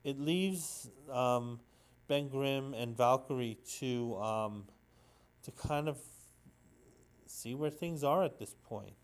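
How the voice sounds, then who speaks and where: A man talks through an old comic book issue in a loose, unscripted recap. His voice sits at an ordinary middle pitch, and he stops often for ums, repeated words and searches for the right term. He sounds sentimental about the story as he goes. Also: slow pace. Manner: rambling, hesitant, full of ums and restarts. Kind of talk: casual solo comic recap.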